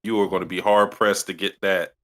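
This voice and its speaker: Man, podcast co-host, bright tense voice, lowish, halting recap. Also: level tone. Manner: halting, restarts mid-sentence. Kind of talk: casual chat, recapping an anime episode.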